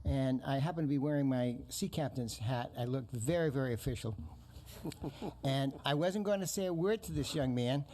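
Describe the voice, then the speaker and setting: A man's voice: mid-range voice, moderate pace, warm tone. A man speaking as a town councilor at a council meeting, telling anecdotes in a rambling way.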